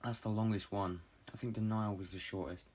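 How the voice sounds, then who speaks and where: A young man from Britain hosting a solo podcast, talking in a halting, low-key, confessional way and swearing often. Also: fairly even intonation, a little mellow. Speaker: podcast host. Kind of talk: rambling solo podcast monologue.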